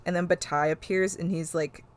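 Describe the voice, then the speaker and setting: A woman hosting a podcast, retelling a TV episode in a casual, animated way and swearing freely. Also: lowish voice, a little fast, no room sound. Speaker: podcast host. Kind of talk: casual chat recapping an episode.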